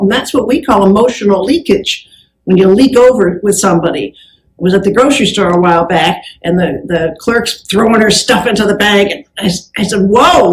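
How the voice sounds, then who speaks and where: Chatty woman giving a talk, kinda high voice, upbeat stories, echoey room. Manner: upbeat, anecdotal, lively. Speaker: customer service speaker. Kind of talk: presentation to an audience.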